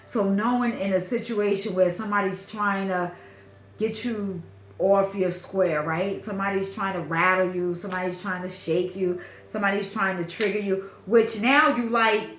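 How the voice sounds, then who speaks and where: A woman with a Brooklyn accent gives a spiritual reading, repeating and stretching her phrases with warm emphasis. Her voice sits at an everyday middle pitch. It rings in a roomy space over a faint background hiss. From Brooklyn, New York. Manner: repetitive, affirming, drawn-out and emphatic. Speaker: spiritual reader.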